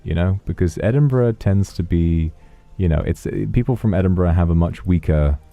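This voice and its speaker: Deep, dark-voiced male streamer. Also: moderate pace. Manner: soft, affectionate, musing. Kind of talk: casual chat reading donations.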